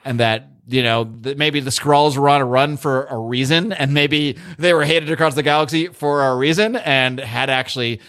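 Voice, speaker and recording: Man, podcast co-host, casual chat, rambling, opinionated, swears, restarts sentences, medium pitch. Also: normal speed, hardly any pauses, a bit bright. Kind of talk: casual chat reviewing a TV show.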